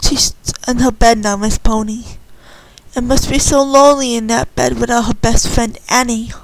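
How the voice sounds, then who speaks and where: Woman as a calm, kindly orphanage caretaker. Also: fairly high pitch, normal speed, lightly acted, rough recording. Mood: soothing.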